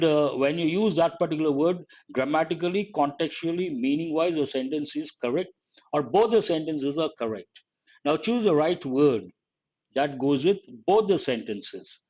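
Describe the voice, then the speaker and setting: A man's voice: a little high, a little mellow. Guy teaching grammar live, repeats stuff, quizzes students, kinda muffled audio. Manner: explains step by step, repeats phrases, quizzes students. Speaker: English teacher. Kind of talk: live exam-prep grammar lesson. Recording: dull lo-fi online class audio.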